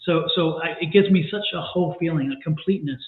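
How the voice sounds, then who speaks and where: A woman's voice: low voice, quick pace. A woman working as a psychic medium talks animatedly on a livestream, often circling back and repeating herself. Her voice comes through a narrow, tinny line, with a hollow, echoey room around it. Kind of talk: livestream chat. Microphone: video call. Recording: tinny echoey call audio.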